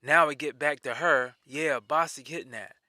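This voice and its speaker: Bright-voiced man telling a personal story. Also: a little high, normal speed, no room sound, clean studio sound. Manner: animated, repeats himself, acts out the dialogue.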